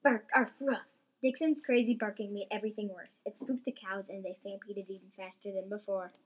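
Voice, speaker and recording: A woman's voice: mid-range voice, flat delivery, fairly quick, slightly rough, dull audio. Woman reading a homemade story.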